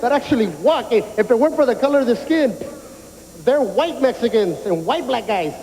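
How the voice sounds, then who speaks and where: A man doing stand-up comedy, telling animated stories and mimicking people. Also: very high voice, fairly quick, big-room sound. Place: prison yard. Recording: noisy outdoor recording.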